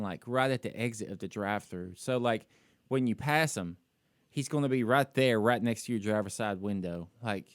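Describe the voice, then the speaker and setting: A man's voice: fairly low pitch, no room sound, clean studio sound. Candid self-critical man telling a story. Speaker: podcast co-host. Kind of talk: casual chat.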